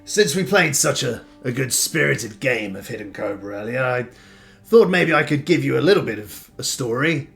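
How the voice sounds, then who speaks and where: A man's voice: medium pitch, animated, moderate pace, gravelly, a bit bright, soft background music. Man doing a weary caravan leader. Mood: storytelling.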